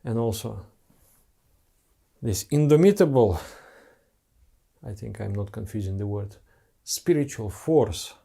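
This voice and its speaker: A man's voice: fairly low pitch, lively intonation, slow pace, creaky, pauses often, dark tone, breathy edge. A man who is a spiritual teacher, giving an earnest, heartfelt devotional talk to followers in simple broken English.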